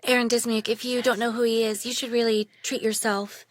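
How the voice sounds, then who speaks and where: A woman guest on a casual podcast chat with a naturally raspy voice and a wry, joking manner. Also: fairly high pitch, little pitch movement, a little fast, no room sound, clean studio sound.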